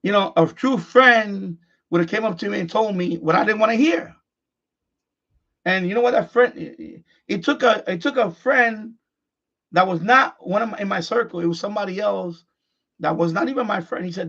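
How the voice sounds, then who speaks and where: In dull, lo-fi stream audio, a middle-aged man delivers an unscripted live-stream monologue, blunt and frustrated, saying things twice and restarting sentences. His voice is high, gravelly, and a bit bright, at a normal speed.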